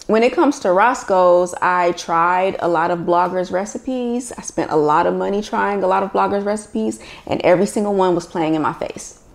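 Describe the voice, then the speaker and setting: A woman's voice: fairly low pitch, moderate pace, vocal fry, few pauses. A woman in her thirties from Los Angeles, casually and animatedly explaining how she recreates recipes. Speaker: recipe developer. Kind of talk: casual storytelling interview.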